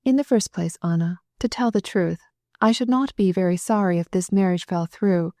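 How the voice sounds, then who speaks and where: A woman voicing a gentle, attentive married noblewoman. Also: fairly low pitch, moderate pace, no room sound, studio quality, lightly acted.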